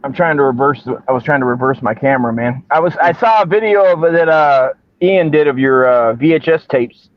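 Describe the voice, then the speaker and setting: A man's voice: mid-range voice, fairly quick. A man hosting a casual live stream, talking in friendly slang and calling his guest brother and man. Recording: dry, dull lo-fi sound.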